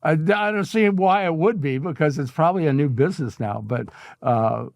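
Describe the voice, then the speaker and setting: An older man, a guest artist telling stories in a casual interview, animated and chuckling as he goes. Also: fairly high pitch, brisk, vocal fry, no echo, clean studio sound.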